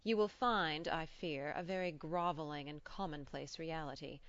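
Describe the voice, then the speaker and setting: A woman's voice: low-pitched, normal speed, no room sound, lo-fi sound, lightly acted. Woman reading as a wry polite doctor. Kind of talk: audiobook character reading.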